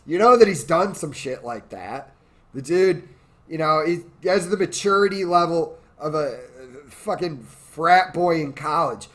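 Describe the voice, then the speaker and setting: A man's voice: on the high side, animated, a little slow, fairly bright tone. A tipsy man ranting in a crude, rambling, profane way as host of his own show. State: drunk. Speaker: podcast host. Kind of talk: drunken political rant.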